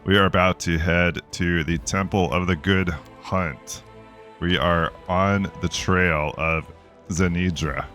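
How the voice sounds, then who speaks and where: A man's voice: sits low, steady tone, slow, a bit bright, soft background music. A man hosting a video game playthrough, chatting casually with fillers and reading the game's text aloud. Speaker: let's play host.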